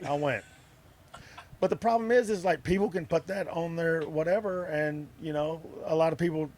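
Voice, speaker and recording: Man, middle-aged, slightly high voice, anecdotal guest who laughs a lot. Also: normal speed, darkish tone, slight background noise. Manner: laughs through his stories, acts out other people's lines. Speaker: interview guest, wrestler and actor. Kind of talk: casual anecdotal storytelling. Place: outdoor music festival grounds.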